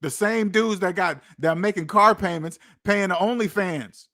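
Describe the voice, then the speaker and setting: A man's voice: sits high, moderate pace, fairly bright tone. A man hosting a finance channel, ranting casually, incredulous and repeating lines for emphasis. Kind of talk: casual livestream rant.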